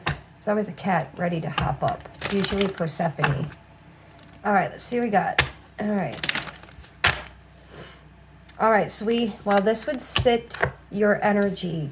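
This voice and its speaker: Against background noise, a woman with a medium-pitched voice gives a casual tarot reading. She talks bluntly, swears a lot, and keeps repeating "all right."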